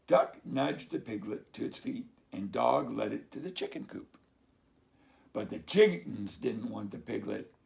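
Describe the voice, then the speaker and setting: A man reading a picture book aloud to children, slow and expressive, as a teacher. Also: medium pitch, creaky.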